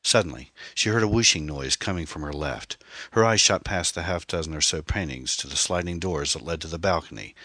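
Deep, husky male audiobook narrator. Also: brisk, pushed and bright, no room sound.

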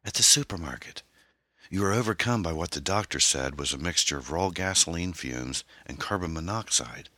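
A man's voice: low-pitched, expressive, moderate pace, bright, forceful tone, no room sound, studio quality, pitched above the performer's own voice, full character voice. A man voicing an anxious, loving wife at her husband's hospital bed, tender and fussing.

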